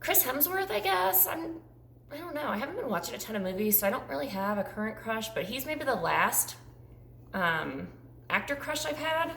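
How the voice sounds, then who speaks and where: Chatty woman with a lively voice. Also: sits high, moderate pace, gravelly, reverberant, a little hiss or hum. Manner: chatty, rambling, frequent ums. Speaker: YouTuber. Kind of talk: casual Q&A tag video.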